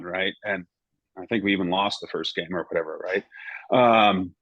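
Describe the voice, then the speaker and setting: A middle-aged ex-goalkeeper guesting on a podcast tells casual stories in a low-sitting voice with a fairly bright tone, at a moderate pace. He wanders through his anecdotes, frequently tossing in "you know" and "right?". The recording has no echo but is rough.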